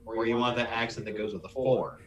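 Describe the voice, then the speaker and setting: A man's voice: mid-range voice, brisk, a little hiss or hum. A young man with a New York accent, co-hosting a casual, profane chat show and joking freely. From New York City area. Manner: animated, swears freely, jokey. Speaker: podcast co-host.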